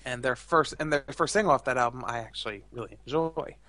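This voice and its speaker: A young man talks in a loose, rambling way, full of fillers and strong opinions. His voice is bright and a little tense. The sound is dry and close, with no room around it. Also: medium pitch, quick pace, no room sound. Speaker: podcast co-host. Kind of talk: casual chat.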